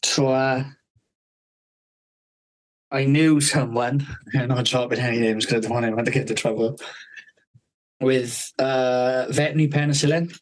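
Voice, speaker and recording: A man's voice: medium pitch, steady tone, normal speed, pauses often, low-quality recording. Bloke on a podcast, rambling story full of swearing, laughs as he goes. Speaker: podcast host. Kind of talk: casual storytelling chat.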